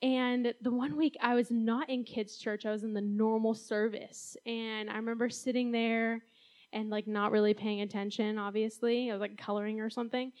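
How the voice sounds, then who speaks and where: A woman's voice: fairly high pitch, little pitch movement, normal speed, a little mellow. A young adult woman giving a casual, talk-style sermon as a youth speaker, chatty and full of "like"s, often laughing.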